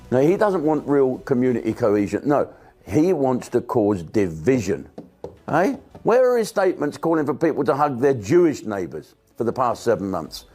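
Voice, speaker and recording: A man's voice: mid-range voice, a little mellow. A man delivering a sweary, sarcastic political rant, blunt and mocking, with crude asides. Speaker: political commentator.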